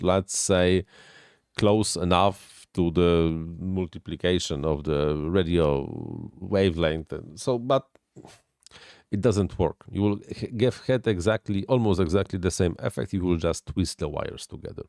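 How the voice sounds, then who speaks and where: A man who is not a native English speaker, hosting a casual live stream and answering viewer questions with halting technical explanations. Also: low-pitched, a little mellow, dry recording, studio quality.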